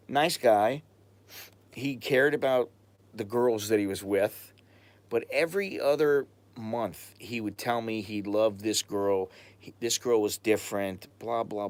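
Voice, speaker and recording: American man, casual live-stream chat, rambling, blunt, stops to hunt for words. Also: on the low side. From United States. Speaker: expat vlogger answering live chat.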